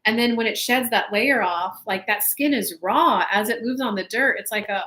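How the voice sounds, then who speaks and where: A woman in her thirties hosting a casual live chat for her viewers, telling stories in an animated way with swearing and laughter. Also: a little high, normal speed, hardly any pauses. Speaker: spiritual coach and channel host. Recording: echoey room.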